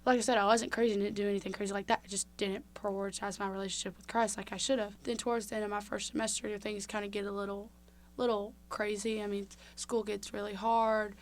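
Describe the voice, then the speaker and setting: A woman's voice: mid-range voice, level tone, quick pace. A young woman from Mississippi talks openly as a guest on a podcast. She tells her story in a candid, chatty way, full of fillers and restarts. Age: young adult. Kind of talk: casual interview.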